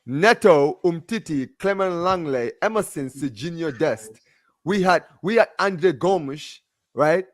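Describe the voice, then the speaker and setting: A man's voice: fairly high pitch, animated, unhurried, dry recording, studio quality. A man arguing about football on a casual live stream, emphatic and insistent, often repeating himself. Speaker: football fan panelist.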